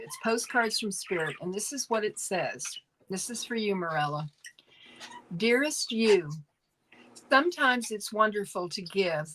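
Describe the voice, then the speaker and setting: A woman co-hosting a tarot reading stream, reading cards aloud in a gentle, unhurried way with fillers. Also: medium pitch, a little hiss or hum, rough recording. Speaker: tarot reader co-host.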